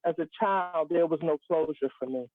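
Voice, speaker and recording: A woman's voice: deep voice, moderate pace, dry recording. A woman guest telling a personal story in an earnest, emphatic way, with humorous asides, on a live stream. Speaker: guest speaker. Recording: tinny phone-line sound.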